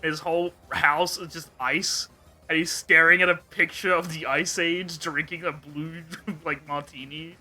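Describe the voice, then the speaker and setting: A man's voice: on the high side, level tone, unhurried, bright, forceful tone, soft background music. A young man hosting a casual podcast, animatedly retelling scenes with jokes and swearing. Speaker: podcast host.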